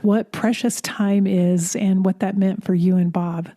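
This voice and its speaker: A woman's voice: medium pitch, fairly even intonation, a little slow, warm tone, a little hiss or hum. A woman hosting a podcast interview, responding to her guest in an affirming, conversational way. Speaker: podcast host.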